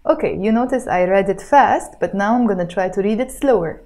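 This Arabic teacher has a warm, mid-range voice and a cough. During her spoken lesson she goes back and forth between languages, enunciating words slowly and deliberately.

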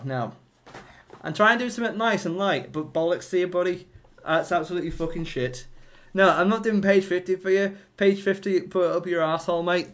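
A man, streaming a comedy rant, swearing and repeating himself in mock indignation. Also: a little high.

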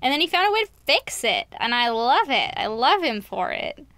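A woman co-hosting a podcast in casual chat, enthusiastic and quick to laugh. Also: high-pitched, sing-song, sharp tone, dry recording. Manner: enthusiastic, laughs often, fast bursts. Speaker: podcast co-host.

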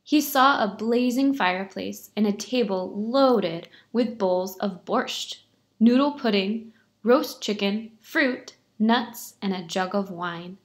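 A woman teacher reading a picture book aloud to her pupils, in a clear storytelling manner. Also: mid-range voice, slow pace.

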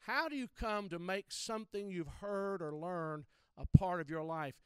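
A man's voice: high voice, normal speed, fairly bright tone, smooth, no room sound. A man preaching a teaching sermon to church workers, emphatic and direct, repeating key phrases to drive them home.

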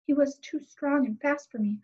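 A woman's voice: high-pitched, moderate pace, a little mellow, natural voice. Lady reading a whiny little mirror guy, groany, muffled audio. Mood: complaining. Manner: groaning and complaining. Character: pudgy little magic-mirror man, bruised and complaining. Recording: slightly muffled lo-fi recording.

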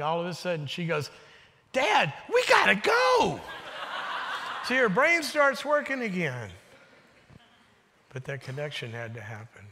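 Male guest preacher, lively storyteller, recorded with long church-hall reverb. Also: a little high. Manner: animated storyteller, drops to a hushed voice for quotes. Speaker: guest speaker. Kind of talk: sermon with storytelling. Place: church sanctuary.

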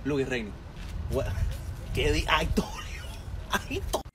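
A man's voice: on the high side, animated, a little slow, music in the background, rough recording. A man, a comedian teasing a friend in broken English in a skit.

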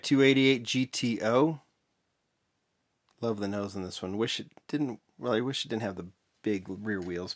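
Casting note: male vlog host, lowish voice, relaxed mumbly delivery, stops to correct himself. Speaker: vlog host, toy car collector. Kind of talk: casual show-and-tell vlog.

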